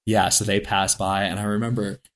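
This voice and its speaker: A man with a somewhat low voice tells a story as a guest on an interview show. His delivery is casual and rambling, full of fillers. He laughs now and then and briefly puts on voices for the people he quotes. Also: level tone, fairly quick, fairly bright tone.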